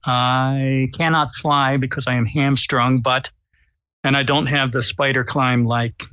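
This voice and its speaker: Male player, unhurried delivery, bright edge, dry close sound. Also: mid-range voice, flat delivery, clear, resonant tone, dry recording. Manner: deliberate, slow, wry. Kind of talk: describing his character's actions in a tabletop game.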